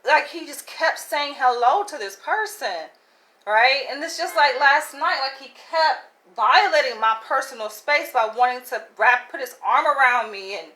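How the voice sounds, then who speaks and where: A woman's voice: sits high, expressive, moderate pace, sharp tone, poor audio. A woman vlogging casually, telling a story candidly with lots of "like" and "right?" asides and frequent laughs.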